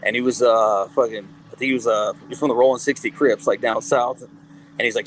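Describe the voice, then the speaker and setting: A man's voice: medium pitch, steady tone, a little fast, soft background music, low-quality recording. A man guest on an interview show who tells long stories in a casual, rambling way. He swears a lot, leans on fillers, and acts out quoted dialogue. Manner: rambling, profane, full of "like" fillers. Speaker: guest, cannabis company CEO and musician.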